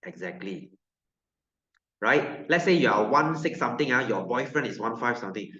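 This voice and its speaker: This Malaysian-accented science teacher speaks at a moderate pace in a mid-range voice that is expressive, bright and forceful. He lectures the class with jokes, repetition and a stream of questions aimed at students, captured in a dull, lo-fi recording of a roomy classroom.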